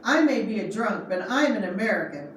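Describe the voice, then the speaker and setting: A woman's voice: mid-range voice, animated, a little fast, lightly acted. Woman voicing an angry drunk man, blunt and worked up, read-aloud storybook, faint background noise. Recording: echoey room, far from mic, faint noise.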